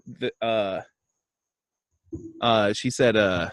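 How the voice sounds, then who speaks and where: Animated storytelling man, dry close sound. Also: fairly low pitch, dry recording. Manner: animated storyteller, acts out voices; self-deprecating, halting restarts. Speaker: podcast co-host. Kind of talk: casual comedic chat.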